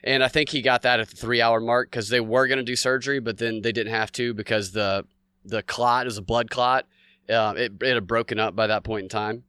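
Man, casual interview talk, hesitant, bright smooth voice, dry sound. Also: mid-range voice, fairly even intonation, a little fast, no echo. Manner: hesitant, searching for words.

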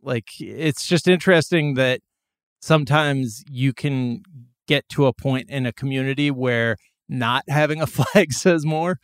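Man, podcast host, casual rambling comic chat, middle pitch, dry close mic. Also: measured pace, smooth, no echo. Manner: rambling, laughs often.

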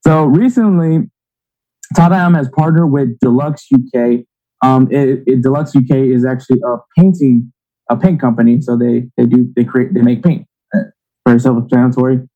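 A man's voice: mid-range voice, moderate pace, phone-quality sound. A man co-hosting a sports podcast, rambling and teasing in casual chat. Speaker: podcast co-host.

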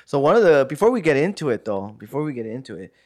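A young man, a podcast co-host, bantering in a quick, slangy, easygoing way. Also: mid-range voice, very animated, darkish tone, no echo, studio quality. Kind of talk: casual chat.

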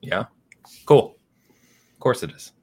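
A man hosting a casual podcast, ranting with animated, stop-start phrasing. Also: takes it slowly. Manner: ranting, animated, many restarts. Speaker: podcast host. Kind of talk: casual chat.

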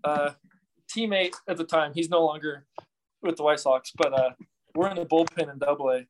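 A young man, a baseball pitcher, chatting casually and acting out other people's voices as he tells stories. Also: moderate pace, slight background noise. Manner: animated storyteller, acts out fans' voices. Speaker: professional baseball pitcher guest. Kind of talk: casual podcast chat.

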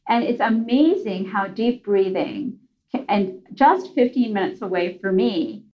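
A woman's voice: medium pitch, very animated, a little slow, highs cut off. Chatty woman guest telling a story. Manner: chatty, with many fillers and restarts. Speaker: podcast guest. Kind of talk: casual storytelling conversation.

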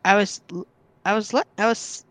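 A woman's voice: mid-range voice, steady tone, moderate pace, fairly bright tone, no echo. A woman guest on a podcast, casually telling a personal story and often stopping to restart or repeat her words.

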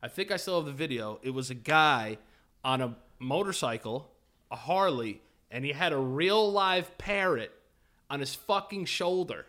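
A man with a bright, slightly high voice tells a story on a casual podcast. He swears freely, acts out the other people in it and laughs at his own telling. His tone stays loose and lively. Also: normal speed. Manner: animated, profane, laughing storyteller. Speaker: podcast host.

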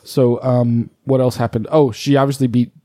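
A man with a mellow, relaxed voice co-hosts a casual podcast, rambling through explanations and swearing freely. The sound is close and dry, with no room around it. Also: mid-range voice, moderate pace, no echo. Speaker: podcast co-host.

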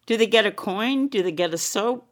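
A woman's voice: medium pitch, moderate pace. A woman co-host chatting casually, giggling as she speaks right up against her microphone, which sounds muffled. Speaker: podcast co-host. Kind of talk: casual comedic chat. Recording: muffled close mic with noise.

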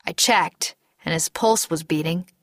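A woman narrating a first-person story in a measured, deliberate way. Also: on the low side, no room sound, studio quality. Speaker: audiobook narrator.

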